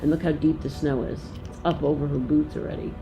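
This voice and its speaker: A woman gently walking children through a picture book, explaining each page and thinking aloud as she goes. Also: deep voice, steady tone, brisk, music in the background.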